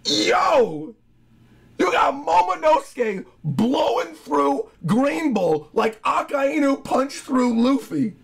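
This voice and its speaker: A man reacting to a manga chapter as a YouTuber, reading panels aloud between excited outbursts, often shouting and laughing. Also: very high voice, gravelly.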